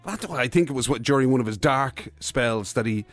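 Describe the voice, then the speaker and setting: Fast-talking Irish man co-host. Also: medium pitch, lively intonation, faint music behind. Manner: quick, prompting questions. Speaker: radio co-host. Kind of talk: casual chat.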